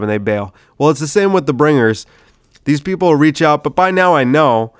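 Smooth-voiced man rambling casually, sick. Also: medium pitch, animated, fairly quick, no echo, clean studio sound. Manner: loose, swearing, says "dude" a lot. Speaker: comedian podcast host.

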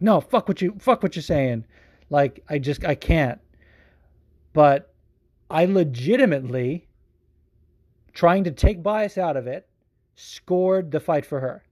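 Man, podcast host, casual rambling chat, profane, animated, slightly high voice.

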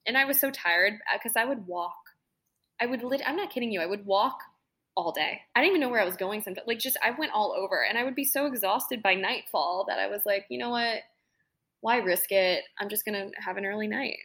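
A woman's voice: mid-range voice, fairly quick, fairly bright tone. A woman in her late twenties, co-hosting a podcast and telling rambling, emotional stories in casual chat. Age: late 20s. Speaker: podcast co-host.

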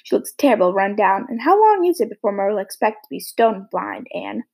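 A woman reading the part of a sour, pessimistic old spinster in an audiobook, with a grim, contemptuous manner and a husky, gravelly voice. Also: medium pitch, very animated, fairly quick, darkish tone, exaggerated voice. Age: older.

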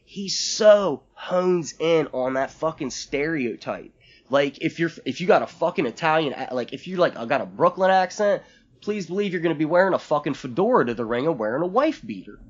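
A man's voice: a little high, brisk, muffled recording. A man co-hosting a podcast in casual chat, ranting and swearing as he talks. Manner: profane, ranting, animated. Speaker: podcast co-host.

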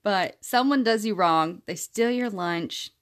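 A woman's voice: mid-range voice, a little slow. A woman in her thirties hosting a self-help podcast, talking in an earnest, encouraging, chatty way with the odd laugh. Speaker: podcast host.

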